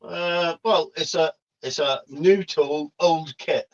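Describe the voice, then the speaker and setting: A man's voice: on the high side, slow pace, dull audio. An easygoing man co-hosting a live stream from a remote call, often saying "mate". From England. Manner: easygoing, says "mate" a lot. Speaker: co-host watching the stream comments. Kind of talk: casual live-stream chat.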